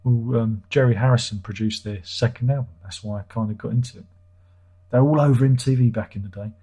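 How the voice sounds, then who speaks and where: Middle-aged male streamer, husky and irreverent, chatty comment-reading host. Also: mid-range voice, fast talker, mellow. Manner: irreverent, joking, swears freely. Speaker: livestream host. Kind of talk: casual livestream chat reading viewer comments.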